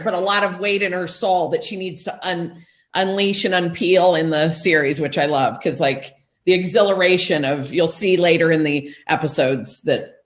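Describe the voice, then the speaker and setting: A woman actress talking as a guest in an interview, wry and animated. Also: fairly low pitch. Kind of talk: casual chat.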